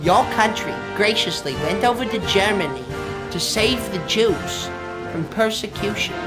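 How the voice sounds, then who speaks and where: A man's voice: high voice, lively intonation, measured pace, over loud music. A man doing a stammering, self-pitying mogul. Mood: evasive. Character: whiny, evasive male movie mogul, middle-aged. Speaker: guest. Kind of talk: improvised comedy sketch.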